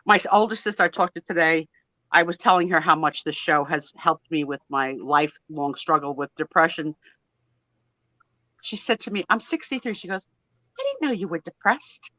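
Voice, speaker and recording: Here a middle-aged woman with a low voice and normal speed chats casually on a video call as a guest on a live sale chat. Animated and storytelling, she comes through dry, dull lo-fi call audio with no echo.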